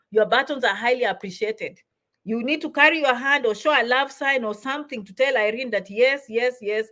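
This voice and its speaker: A middle-aged woman hosting a live stream, chatting warmly with viewers and giving immigration advice. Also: a little high. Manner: warm, repetitive shout-outs, chatty.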